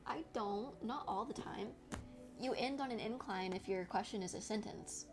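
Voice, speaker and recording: A woman's voice: a little high, slow pace, pauses often. A young adult woman streaming, chatting casually with her viewers while she crafts, reacting to their comments and laughing often. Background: background music.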